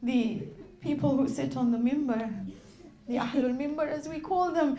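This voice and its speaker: High-voiced woman reciting an impassioned sermon. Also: moderate pace, vocal fry, warm tone, reverberant. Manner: impassioned, rising to tearful intensity. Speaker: majlis reciter. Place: religious gathering hall.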